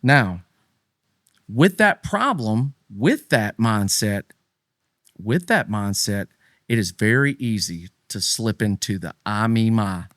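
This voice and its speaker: A middle-aged man co-hosting a faith podcast in casual talk, swinging between loud, high emphatic bursts and low, quiet asides. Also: lively intonation, takes it slowly, dry recording, studio quality. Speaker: podcast co-host.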